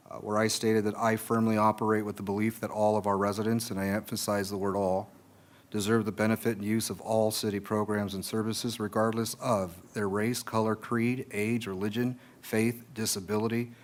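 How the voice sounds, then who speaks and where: A middle-aged man speaking as a city council member at a public meeting, earnest and halting, with many fillers. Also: on the low side. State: choked up with emotion.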